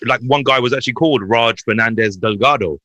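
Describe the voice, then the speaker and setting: A man's voice: fast, dry recording, dull audio. A man, a podcast guest telling comedic stories in casual chat. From Hounslow, West London. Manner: animated, swings in pitch while telling anecdotes. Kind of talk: lively storytelling chat.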